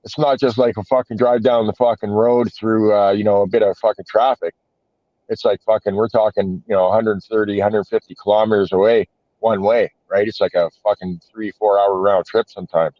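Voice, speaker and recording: A man's voice: fairly low pitch, steady tone, fairly quick, dry recording. A man in casual podcast chat, telling a rambling story full of swearing and filler words. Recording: dull, dry lo-fi podcast audio.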